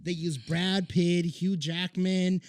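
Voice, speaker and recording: A drunk podcast co-host tells stories in an excited, stumbling ramble, often repeating his words. His voice sits quite high for a man. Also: takes it slowly. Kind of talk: casual drunk chat.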